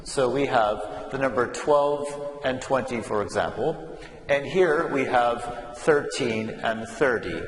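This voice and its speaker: A man with a mid-range voice teaches English numbers slowly and patiently, drilling words for the classroom to repeat. The recording sounds like an echoey room, with long reverb and a faint hum.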